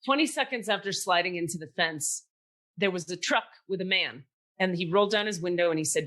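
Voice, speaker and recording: A woman's voice: medium pitch, brisk. Woman on a podcast rambling through a story, swears a lot, does little voices for people. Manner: animated, profane, acts out quoted voices. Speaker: podcast host. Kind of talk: casual storytelling chat.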